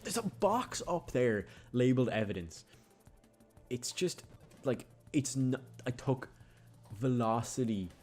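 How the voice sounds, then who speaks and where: A man giving casual, rambling, jokey commentary while playing a video game. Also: on the low side. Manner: rambling, chatty, jokey asides. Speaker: gaming YouTuber.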